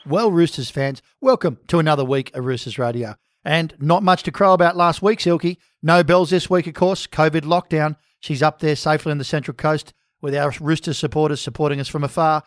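Enthusiastic Aussie male host, slightly high voice, dry sound. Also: fairly quick, hardly any pauses, dry recording. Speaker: podcast host. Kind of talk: casual sports chat.

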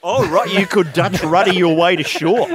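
A man's voice: high voice, moderate pace, background noise. A man co-hosting a comedy podcast, asking playful questions and telling anecdotes. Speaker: podcast co-host. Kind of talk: comedic banter.

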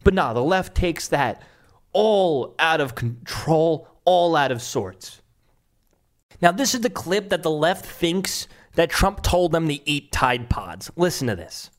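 A male commentator rants in a loose, heated way, mocking and sarcastic as he goes. His voice sits a little higher than most men's. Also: lively intonation, slow pace. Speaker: political commentator. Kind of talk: casual ranting commentary.

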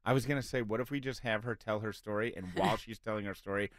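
A man's voice: lowish voice, fast talker. A man hosting a radio show, easygoing and playful, who laughs often and teases his co-hosts. His studio voice is close and dry, with no room echo. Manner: playful, laughing, teasing host. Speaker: radio host. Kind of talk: casual radio chat.

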